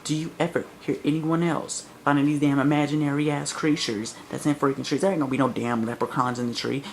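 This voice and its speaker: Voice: medium pitch, fairly quick, hardly any pauses, slight background noise, poor audio. A vlogger from the American South with a Southern accent, delivering a blunt, sarcastic, profane comic rant to camera.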